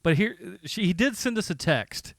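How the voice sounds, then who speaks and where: A man's voice: sits high, animated, normal speed, fairly bright tone, no echo, studio quality. A man hosting a casual podcast chat, rambling with lots of fillers and frequent laughs. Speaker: podcast host.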